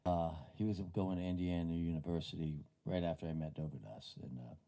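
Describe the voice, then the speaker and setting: An older man hosting a live stream, chatting casually and reminiscing in a rambling way with frequent pauses. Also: deep voice, steady tone, dark tone. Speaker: host and bassist. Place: home music room.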